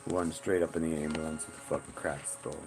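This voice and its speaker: A man's voice: very deep voice, little pitch movement, fairly quick, over loud music. A man ranting bluntly and casually on a livestream, boastful and profane. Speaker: vlogger.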